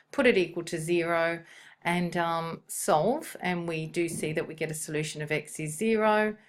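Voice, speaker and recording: A woman teaching a recorded maths lesson, thinking aloud as she works and correcting herself now and then. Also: lowish voice.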